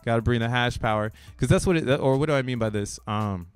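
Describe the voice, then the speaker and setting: A man's voice: medium pitch, fast talker, clean tone, no room sound, soft background music. A man hosting a crypto channel who talks casually over a chart, slangy and rambling and laughing between points. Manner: rambling, restarts thoughts mid-sentence.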